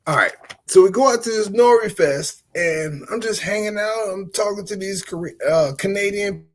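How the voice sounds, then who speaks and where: At a normal speed, this US podcast host spins a story in a casual monologue. His slangy delivery lurches from loud bursts down to quiet muttering.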